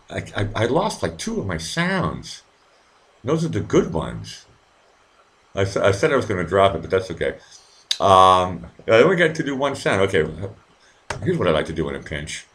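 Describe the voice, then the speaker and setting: Deep and slightly bright, the voice belongs to a middle-aged live show host. He talks loosely to his stream's viewers, stumbling over words, repeating himself, and cursing offhandedly.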